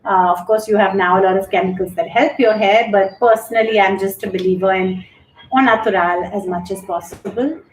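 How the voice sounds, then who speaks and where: Hosting a live stream from an echoey room, a middle-aged yoga instructor talks a little fast in a medium-pitched voice, with slight background noise. She's candid and chatty, reading viewer comments aloud and thanking people.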